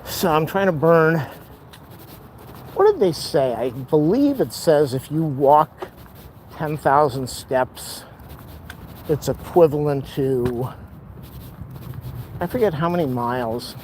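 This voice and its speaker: A man in a walking vlog, ranting with strong opinions and puffing as he climbs. His voice sits a little high. Faint street noise hangs behind him outdoors. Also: animated, takes it slowly, pauses often, a little mellow, poor audio. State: out of breath from walking uphill. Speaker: vlogger.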